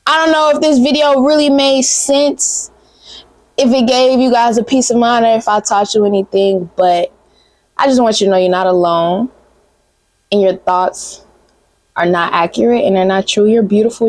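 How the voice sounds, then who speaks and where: A woman's voice: medium pitch, darkish tone, no echo. A young woman, giving a blunt, profane, sisterly pep talk straight to camera in a casual vlog. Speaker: vlogger.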